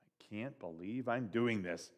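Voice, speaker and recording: A man voicing a gruff, weary father who mutters and grumbles, in a read-aloud story. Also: fairly high pitch, expressive, brisk, close to an everyday voice. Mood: grumbling.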